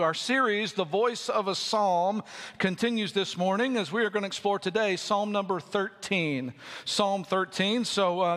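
A man's voice: high-pitched, fairly bright tone. A man preaching a sermon to his church in a conversational way, with joking asides and dramatic readings of scripture. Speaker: pastor. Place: church sanctuary. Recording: long reverb of a church hall.

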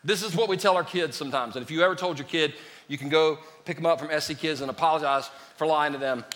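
A man preaching a lively sermon as a pastor, joking with his congregation. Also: a little high, quick pace, big-room sound. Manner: lively, joking with the congregation, calls them "y'all". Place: church sanctuary.

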